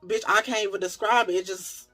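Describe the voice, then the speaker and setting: A man's voice: high voice, fairly quick, faint music behind. A man telling a wild personal story in a casual, profane style, talking straight to his viewers. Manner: animated, profane, talks to viewers as y'all.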